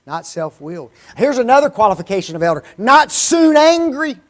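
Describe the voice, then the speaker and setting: High-voiced preacher, animated and questioning. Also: male voice, a little fast. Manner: animated, asks the congregation rhetorical questions. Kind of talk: sermon. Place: church.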